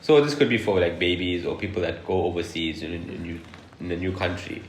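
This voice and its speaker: A man's voice: deep voice, brisk, slight background noise. A man from South Africa co-hosting a podcast, chatty and explaining in casual talk. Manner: chatty, explaining, laughs along. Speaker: podcast co-host. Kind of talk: casual chat. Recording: roomy echo.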